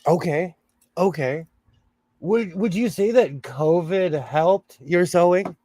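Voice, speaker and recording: Brief: cheerful West Coast man, livestream host, a bit high, dry close sound. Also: slow pace, warm tone, no room sound. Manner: upbeat, greets viewers by name. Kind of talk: casual livestream chat.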